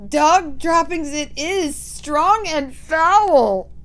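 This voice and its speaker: A woman reading a storybook aloud and voicing a crowd of female witches who shout in disgust. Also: high voice, extremely slow, pitched above the performer's own voice, heavily acted. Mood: disgusted clamor.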